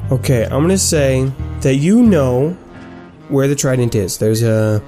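A man running a tabletop game as game master, easygoing and quick to laugh. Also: medium pitch, warm tone, faint music behind.

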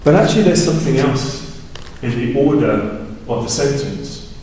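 A man's voice: expressive, moderate pace, darkish tone, slight background noise. A man preaching a sermon and explaining scripture in a conversational way, often asking "right?" and lifting his voice for emphasis. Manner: rises in pitch and volume for emphasis. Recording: far from the mic in a big echoey hall.

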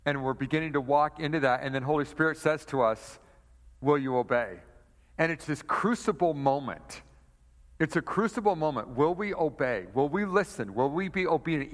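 A man's voice: fairly high pitch, a bit bright. Earnest preaching man in reverb. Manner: earnest, repeating rhetorical questions. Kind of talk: preaching commentary.

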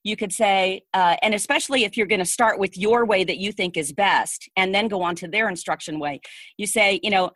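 A woman's voice: medium pitch, brisk, fairly bright tone, no room sound. Woman coach hosting a chat, easygoing, super dry close sound. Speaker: host and voiceover coach. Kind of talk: conversational interview.

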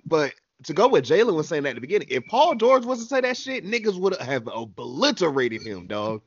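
A man with a slightly high voice hosts a casual basketball talk, sarcastic and laughing easily. The sound is a little dull and lo-fi. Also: sing-song, moderate pace, a little hiss or hum.

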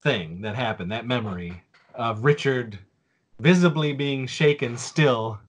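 A man's voice: medium pitch, a little slow. A man in his forties on a casual podcast, telling a story with lots of fillers and restarts. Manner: rambling, with many fillers and restarts.

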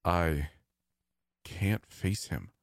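A man's voice: low voice, animated, very slow, vocal fry, no room sound, full character voice. A frightened young boy with a hidden power, choked and quivering, as a man puts him on. He speaks in short, hesitant bursts with a lifted, dry, close sound. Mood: fearful. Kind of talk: storytelling narration with acted dialogue.

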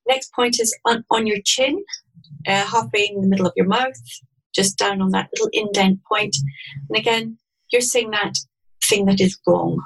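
A woman explaining a tapping technique step by step, in a gentle and calm manner. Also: medium pitch, moderate pace, vocal fry, slightly rough, poor audio. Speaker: EFT practitioner guest. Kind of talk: guided instruction in an interview.

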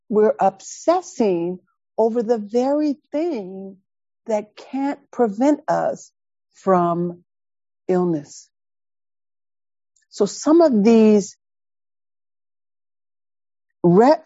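A woman teaching Buddhist dharma, telling a personal story in an animated, emphatic way and repeating words for stress. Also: mid-range voice, no echo, muffled recording. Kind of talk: dharma talk with personal anecdote.

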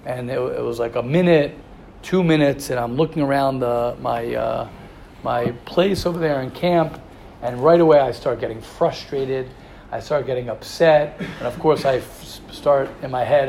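Gravelly man teaching a Torah class. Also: mid-range voice, slight background noise. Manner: animated, repetitive, rhetorical questions. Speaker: yeshiva teacher. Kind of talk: Torah class talk to students.

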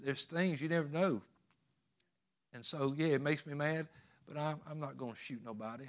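Folksy man preaching. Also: medium pitch. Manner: folksy storytelling with rising emphasis. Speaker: pastor. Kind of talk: sermon.

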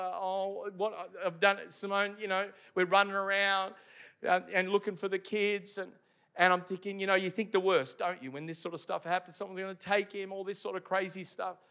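High, bright-voiced preacher. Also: male voice. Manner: emphatic preaching, questions to the congregation. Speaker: pastor. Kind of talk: sermon. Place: church service before a congregation.

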